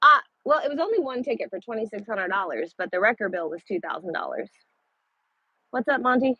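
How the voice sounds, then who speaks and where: Blunt husky woman trucker chatting to viewers. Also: on the high side, expressive, brisk, bright, forceful tone, no room sound, highs cut off. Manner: blunt, swears freely. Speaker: truck driver. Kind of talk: casual livestream chat with viewers.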